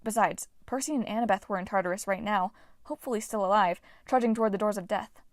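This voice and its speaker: A woman reading an audiobook at a mid pitch, expressive and steady. The recording is dry, with no room sound. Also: fast talker, no echo. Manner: expressive, voices each character. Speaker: audiobook narrator. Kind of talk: audiobook narration.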